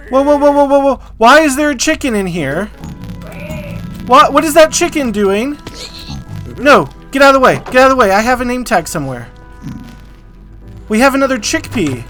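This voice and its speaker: An excitable gamer narrates a survival run, pleading with and cheering on in-game animals. The voice sits in an ordinary middle pitch, with faint music playing underneath. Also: normal speed, long pauses. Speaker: gaming video creator. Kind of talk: Minecraft survival commentary.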